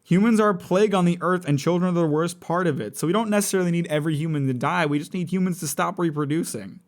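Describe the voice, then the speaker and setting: A young man with a slightly high voice talks fast during a casual live stream where he's building a model kit. He rambles, swears, and stays blunt and sardonic.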